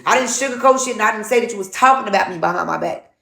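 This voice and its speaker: A woman's voice: medium pitch, racing, vocal fry, bright, forceful tone. A young woman in a heated casual argument, insistent and defensive, repeating her point and swearing. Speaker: partner in the argument. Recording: echoey room.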